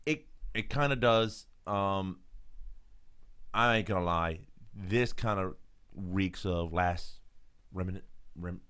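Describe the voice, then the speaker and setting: A man's voice: low voice, takes it slowly, a bit bright, clear, resonant tone. A man co-hosting a casual chat about new game releases, joking and playful. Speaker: co-host.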